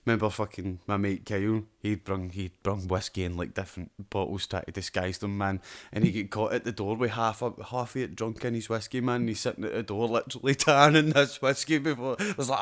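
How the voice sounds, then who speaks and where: A man's voice: lowish voice, brisk. A young Scottish man co-hosting a podcast, telling stories in a sweary, laughing way. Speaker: podcast co-host. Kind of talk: casual chat.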